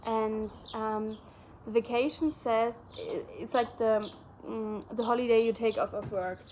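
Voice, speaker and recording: A woman's voice: on the high side, fairly even intonation, a little slow, darkish tone, slight background noise. A young woman whose first language is German, chatting casually and rambling with many fillers. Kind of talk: casual chat.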